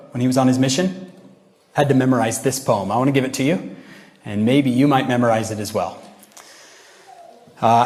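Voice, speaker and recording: Man, youth devotional speaker, lively storytelling, mid-pitched voice, long reverberant hall. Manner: lively storyteller who acts out quoted voices. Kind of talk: motivational religious talk to a youth audience.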